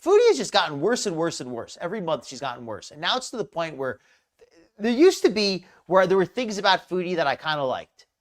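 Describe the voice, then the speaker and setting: A woman's voice: on the low side, sing-song, fast talker. A woman hosting a live reaction stream, ranting with anger and sarcasm. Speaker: host.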